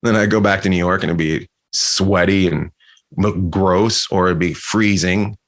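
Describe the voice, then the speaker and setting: A man from Canada, a comedian guest, telling animated anecdotes in a casual chat, laughing and restarting often. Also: low-pitched, a little slow.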